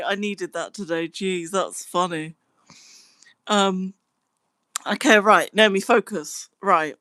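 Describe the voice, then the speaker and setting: A young woman chatting casually on a live stream, answering her chat in a relaxed way. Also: medium pitch, takes it slowly, pauses often, dry recording. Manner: chatty, giggly, breaks into laughing fits.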